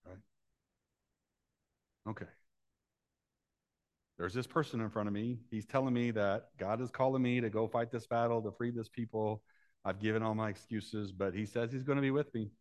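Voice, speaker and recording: A man's voice: on the low side, fairly even intonation, moderate pace, pauses often, a little mellow. Guy preaching a sermon, chatty, keeps asking the room questions, does little voices for the bible folks. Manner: conversational, asks the congregation questions; acts out the voices of Bible characters.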